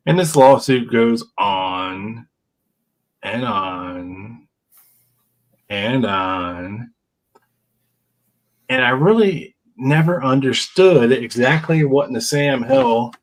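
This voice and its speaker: A man's voice: mid-range voice, rough recording. A podcast host in his fifties chatting casually and reading old legal papers aloud with wry asides. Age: 50s.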